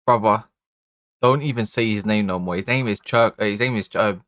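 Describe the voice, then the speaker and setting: A man's voice: on the low side, fairly quick, a bit bright. Exasperated slangy man. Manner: exasperated, slangy, swearing, rising to frantic outbursts. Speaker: football channel host. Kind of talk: live-streamed fan reaction. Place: indoor room.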